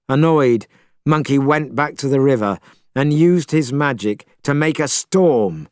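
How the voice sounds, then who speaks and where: A man narrating a storybook chapter in a measured, expressive way. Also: medium pitch, clean tone, no echo, clean studio sound.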